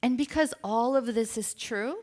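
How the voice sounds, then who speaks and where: A woman business coach giving an energetic motivational seminar talk, drawing the audience in with call-and-response questions. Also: fairly high pitch, normal speed. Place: live event with an audience.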